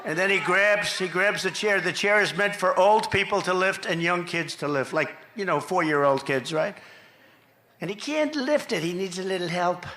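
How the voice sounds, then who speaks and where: A man's voice: high voice, lively intonation, moderate pace, pushed and bright. A man giving a campaign rally speech outdoors into a podium microphone, rambling and repeating himself with mocking asides. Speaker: political speaker at a campaign rally. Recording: echoey rally PA sound.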